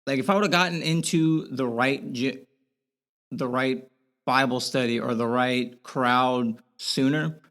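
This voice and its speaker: A man's voice: mid-range voice, fairly even intonation, a little slow, fairly bright tone. Earnest rambling young man. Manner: earnest, rambling, frequent "like" fillers and restarts. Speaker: podcast guest. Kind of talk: candid interview conversation.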